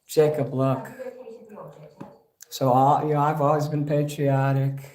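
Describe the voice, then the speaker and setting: A man's voice: on the high side, level tone, a little slow, darkish tone. Rambling profane man. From Chicago. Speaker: livestream host. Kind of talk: casual livestream chat.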